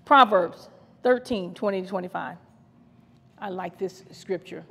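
A woman's voice: mid-range voice, unhurried, vocal fry, long pauses, a bit bright, slightly rough. A woman co-pastor from Ohio preaching a fervent podcast sermon, repeating her phrases and laughing now and then. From Ohio, USA. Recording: long hall reverb.

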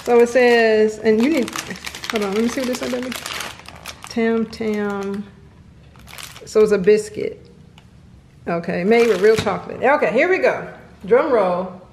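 A woman's voice: on the high side, measured pace, long pauses. A woman filming a casual home vlog, chatting playfully with her kids and dog. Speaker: vlogger. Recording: echoey room with faint noise.

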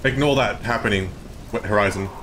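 A man with an Australian accent, live-streaming and excitedly arguing with his chat, swearing often. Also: on the low side, a little fast, slight background noise.

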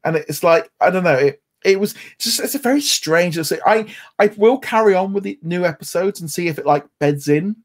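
Male co-host from England, slightly high voice, rambling casual podcast chat. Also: brisk, few pauses. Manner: rambling, many restarts and fillers, animated.

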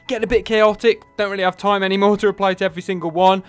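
Chatty young British gaming YouTuber. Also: male voice, high voice, level tone, racing, clean tone, soft background music. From United Kingdom. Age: 20s. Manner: chatty, self-deprecating, rambling. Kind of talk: casual Q&A monologue.

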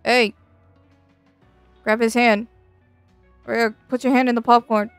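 A playful, mischievous woman streamer with a high, bright-pitched voice, chattering excitedly through a game. The sound is dry and close, with no room echo. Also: slow, clean tone, soft background music. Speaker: VTuber streamer. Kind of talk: playful game commentary, reading dialogue aloud.

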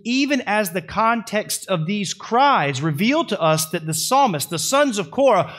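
A male pastor delivers a sermon sprinkled with folksy asides, rising into loud, high-pitched swells at each climax.

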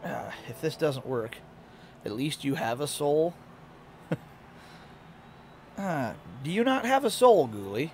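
A young VTuber streamer plays a racing game live, chatting with viewers, reading and answering chat, and laughing often. His voice is on the high side and darkish, very animated yet slow with frequent pauses, over slight background noise.

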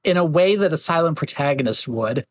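A man with a high-leaning, expressive voice talks briskly as he hosts a casual podcast chat, speaking loosely with lots of fillers and slipping into mocking voices. There's no echo.

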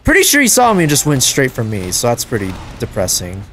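A man giving live gameplay commentary as a channel host, excitable and prone to loud frustrated outbursts and swearing. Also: mid-range voice, a little fast, music in the background.

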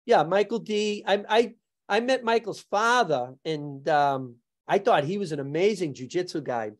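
A man as a podcast guest, telling animated stories in casual talk, laughing often and acting out other people's lines. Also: high-pitched, moderate pace. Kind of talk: casual storytelling.

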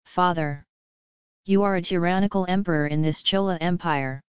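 Woman reading as an anxious young princess, pushy questions, low smooth voice, slightly dull sound. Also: normal speed, no echo, natural voice. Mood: urgent.

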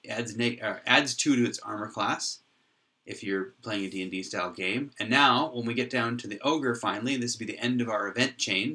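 A man giving a whiteboard tutorial on how his software works, thinking aloud with frequent restarts and pauses. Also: fairly low pitch. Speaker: software developer explaining his code. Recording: voice from a distance off the mic.

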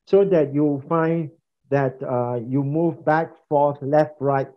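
A man with a fairly high voice gives a recorded lecture on preaching. He talks loosely and repeats phrases as he gestures. The sound is dull and lo-fi, from a laptop mic. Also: fairly even intonation, takes it slowly. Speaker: preaching instructor. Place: indoors at a laptop.

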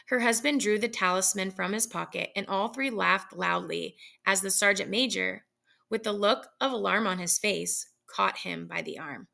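A woman reading a classic story aloud in a plain, steady narration. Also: medium pitch, moderate pace, gravelly. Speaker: reader.

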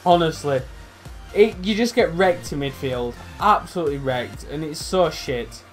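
A young man commentating his own football video game, swearing, swinging between loud outbursts and low muttering. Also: animated, moderate pace, faint music behind. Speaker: gaming YouTuber. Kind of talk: live gameplay commentary.

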